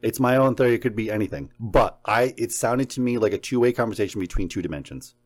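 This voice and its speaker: A man co-hosting a casual chat, telling a story in an animated, excitable way and swearing now and then. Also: lowish voice, fast talker. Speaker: podcast co-host. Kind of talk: casual chat about paranormal recordings.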